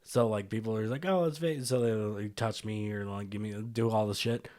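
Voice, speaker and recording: A man co-hosting a casual movie review podcast, relaxed and blunt, swearing and repeating words. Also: on the low side, normal speed. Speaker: podcast co-host. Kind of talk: casual film review chat.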